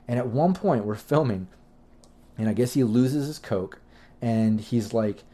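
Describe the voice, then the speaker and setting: Mellow-voiced man rambling casually. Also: medium pitch, animated, unhurried. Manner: loose, profane, chatty with frequent fillers. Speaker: livestream host answering chat questions.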